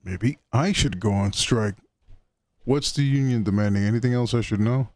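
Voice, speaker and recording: A man streaming himself playing a video game, making unhurried, self-mocking asides. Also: fairly low pitch, darkish tone, dry recording. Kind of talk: live game stream commentary.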